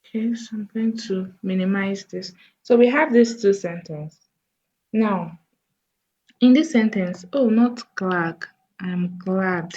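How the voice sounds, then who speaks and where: A woman teaching a coding lesson over a screen recording, thinking aloud slowly as she types. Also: mid-range voice, dark tone, dull audio. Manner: slow, thinking aloud while typing. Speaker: coding tutor.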